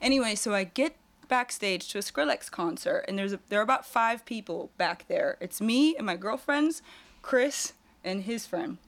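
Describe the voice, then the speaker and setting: A young woman telling a lively personal story as a guest, often laughing and acting out what people said. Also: medium pitch, normal speed. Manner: animated, laughing, acts out quoted voices. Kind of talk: casual storytelling.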